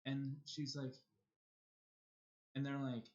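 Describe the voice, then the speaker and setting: An American man tells a personal story on a live stream in a loose, casual way. He often trips over his words, repeating them and starting over. His voice sits in a middle pitch, and the stream audio sounds a bit dull and lo-fi. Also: monotone, slow pace, a little mellow. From United States.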